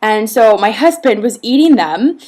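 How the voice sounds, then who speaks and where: A woman's voice: on the high side, expressive, moderate pace, darkish tone. Chatty pregnant woman rambling on camera. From Canada. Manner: chatty and rambling, many fillers, laughs often. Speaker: vlogger. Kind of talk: casual vlog chat.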